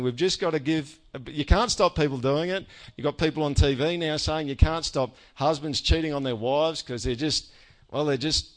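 A man preaching a sermon in a conversational way, often checking in with "all right?" and joking about himself. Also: fairly high pitch. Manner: animated with self-mocking humor. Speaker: pastor.

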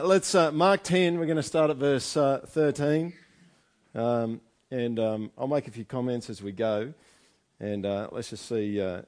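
Aussie pastor guy, casual sermon, keeps asking the room stuff, mid pitch. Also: a little mellow. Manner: chatty, asks the congregation many questions. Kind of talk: conversational sermon.

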